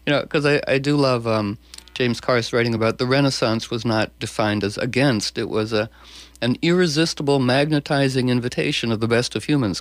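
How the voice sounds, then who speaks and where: A male host talking in an excitable, stumbling way, full of restarts. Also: medium pitch, brisk, no room sound. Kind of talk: conversational interview.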